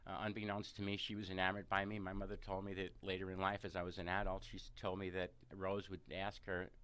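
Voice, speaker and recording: Radio guest, New man, lowish voice, lively storyteller. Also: fast, clear, resonant tone. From New York City. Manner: animated storyteller, many fillers and restarts. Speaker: massage therapist, interview guest. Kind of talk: personal storytelling in a radio interview. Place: radio studio. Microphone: studio microphone, close.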